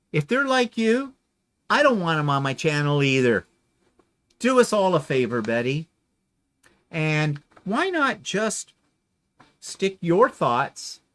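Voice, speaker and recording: A man with a voice on the high side and a bit bright hosts a quilting livestream. He chats casually and reads viewer comments in a sarcastic, theatrical way.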